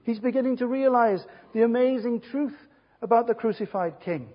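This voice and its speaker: A man preaching a sermon, emphatic and rhetorical, speaking in short phrases with pauses between them. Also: extremely high pitch, slightly rough. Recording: dull lo-fi sermon recording.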